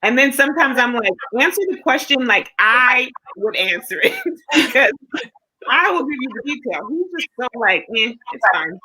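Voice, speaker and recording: A woman hosting a casual chat, frank and lively, reading out comments and giving her own views. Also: sits high, moderate pace, breathy edge, low-quality recording.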